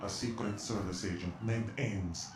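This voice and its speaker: Cold, low-voiced covert informant, voiced by a man. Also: fairly even intonation, lightly acted. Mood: cryptic. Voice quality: cold, measured, secretive. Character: cryptic, commanding male covert contact. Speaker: mysterious informant in a video game. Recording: echoey game audio with noise.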